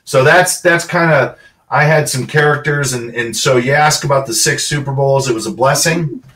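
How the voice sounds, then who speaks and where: A middle-aged man, a former pro football player, telling animated stories as a guest and acting out other people's lines. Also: medium pitch, normal speed. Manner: animated anecdotes, acts out quotes. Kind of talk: storytelling interview. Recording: voice a bit far from the mic.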